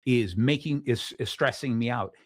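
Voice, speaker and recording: A man's voice: mid-range voice, normal speed, breathy edge, dry recording, clean studio sound. A man hosting his own talk show, telling stories with energy and frequent restarts. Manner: energetic storytelling, many restarts. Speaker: host. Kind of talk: casual chat.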